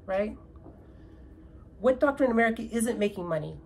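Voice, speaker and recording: A woman's voice: medium pitch, brisk, pauses often, a little mellow, a little hiss or hum, low-quality recording. A woman from Canada giving casual, opinionated talk, persuasive and fond of rhetorical questions.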